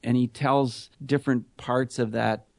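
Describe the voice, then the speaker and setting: A man's voice: mid-range voice, steady tone, a little slow, gravelly, a little mellow, no echo. A middle-aged man telling his story earnestly in a conversational interview. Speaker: guest, anti-bullying speaker.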